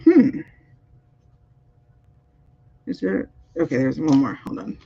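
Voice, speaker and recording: A woman's voice: sits low, very animated, slow pace, gravelly, mellow, a little hiss or hum. A woman doing a live-streamed spiritual card reading, musing aloud over the cards and chatting with viewers. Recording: dull, muffled audio.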